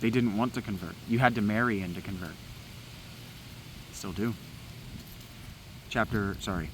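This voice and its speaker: A man's voice: fairly low pitch, normal speed, long pauses, a little hiss or hum, poor audio. A man outdoors in the woods, giving a rambling spoken meditation in an agitated, preachy way and swearing often. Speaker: vlogger.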